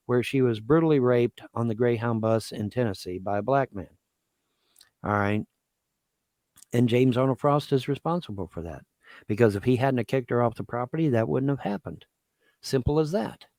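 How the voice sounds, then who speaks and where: A man's voice: mid-range voice, a little mellow, no echo. A man in a bitter, accusatory rant to his viewers, repeating his points over and over. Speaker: livestream host. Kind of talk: aggrieved ranting monologue.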